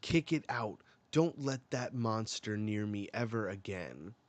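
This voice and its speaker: A man's voice: medium pitch, moderate pace, a little mellow, no echo, pitched above the performer's own voice, close to an everyday voice. A man reading as a cruel, commanding queen. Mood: scornful. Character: cruel, fearful queen mother.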